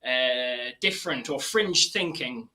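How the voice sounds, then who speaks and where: A man's voice: mid-range voice, slow, sharp tone. A man from northeast England, a drama-trained activist guest on a video call, speaking with careful diction and many hedging fillers. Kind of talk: casual interview chat.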